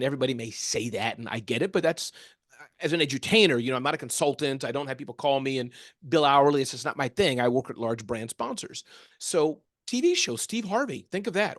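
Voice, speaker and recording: A man talking as a guest in a casual interview, animated and acting out little quotes as he tells stories. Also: on the high side, no room sound, clean studio sound. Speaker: guest, small business speaker.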